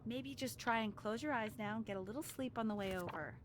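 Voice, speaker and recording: A woman's voice: on the high side, fast, slight background noise, natural voice. A woman playing an anxious, pushy mother who soothes and presses her young son, a musician, in a story game. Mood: soothing.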